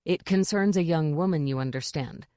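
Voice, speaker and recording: A woman voicing a gentle, polite male king who was once a jester. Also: low-pitched, normal speed, dry recording, clean studio sound, lightly acted. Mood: fretful. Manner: soft, polite, fretful.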